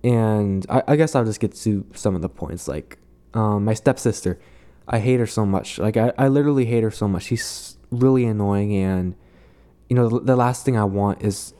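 Young male vlogger, mellow and low-pitched, halting delivery, drained and resentful. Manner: halting, full of restarts and "like" fillers; weary and resentful. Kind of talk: casual venting monologue.

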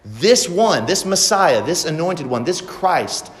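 A man's voice: a little high, sing-song, slow pace, reverberant, long reverb tail. A man preaching a sermon as pastor, asking the congregation rhetorical questions.

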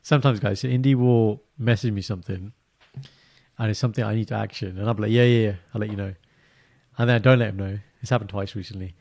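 A man co-hosting a casual podcast chat, animated and laughing, often mimicking others in high voices. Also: quick pace, creaky. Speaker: podcast co-host.

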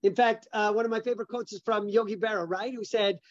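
A man's voice: sits high, fairly even intonation, fast talker, no echo, highs cut off. A middle-aged man, a business founder, telling personal stories as an interview guest, stressing points by repeating words.

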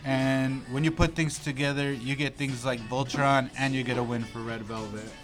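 A man of middle pitch co-hosts a casual chat, teasing his partner and arguing his point. Music plays clearly in the restaurant behind him. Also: fairly even intonation, normal speed. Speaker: podcast co-host.

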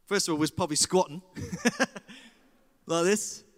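A man's voice: high voice, expressive, slow. A man with an Australian accent preaching in a joking way, talking back and forth with the crowd. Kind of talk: sermon. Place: large hall. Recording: live hall with reverb.

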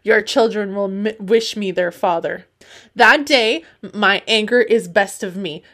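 A woman voicing a boastful, middle-aged Russian immigrant man, speaking loud broken English in a put-on Russian accent. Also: mid-range voice, unhurried.

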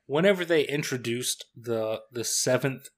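A young man co-hosting a football podcast in casual chat, relaxed and measured. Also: mid-range voice. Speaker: podcast co-host.

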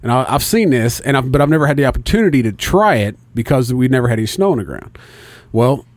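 A man's voice: mid-range voice, quick pace, no room sound. A man telling a story in casual chat, swearing often and acting out both sides of the conversation. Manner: profane, animated storytelling.

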